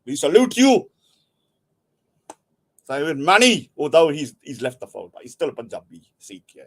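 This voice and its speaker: A man's voice: a little high, huge pitch swings, moderate pace. A middle-aged man, casually rambling and joking while he hosts a livestream and reads out chat. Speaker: livestream host.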